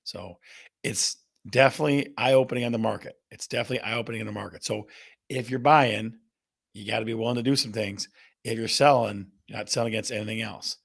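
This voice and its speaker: A man's voice: fairly low pitch, brisk, vocal fry, slightly rough. A man hosting a live real estate show, energetically repeating questions and reading out viewer guesses. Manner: energetic, repetitive, reads viewer guesses aloud. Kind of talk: live-stream call-and-response game with viewers.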